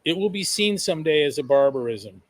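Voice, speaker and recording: A man's voice: on the high side, lively intonation, a little fast, dry recording. A man speaking as a podcast guest in a blunt, emphatic way, swearing freely. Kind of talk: conversational interview.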